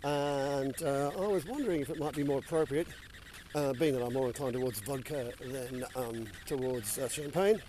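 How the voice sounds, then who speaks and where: A man's voice: medium pitch, moderate pace, darkish tone, a little hiss or hum. An older man, joking and swearing as he shows a boatyard in a casual vlog. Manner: crude, joking, swears freely. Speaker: boat builder and vlogger. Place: outdoors at a shipyard.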